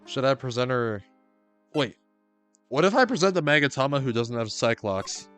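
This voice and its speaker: A man's voice: mid-range voice, big pitch swings, normal speed, a bit bright, faint music behind. A man casually streaming a story game, reading its dialogue aloud, joking and swearing between lines.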